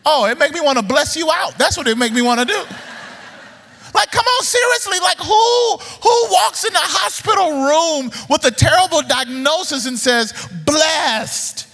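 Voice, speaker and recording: A man preaching a sermon in a church, animated, repeating words as he builds up and throwing questions at the audience. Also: very high voice, moderate pace, gravelly, big-room sound, faint music behind. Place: church sanctuary.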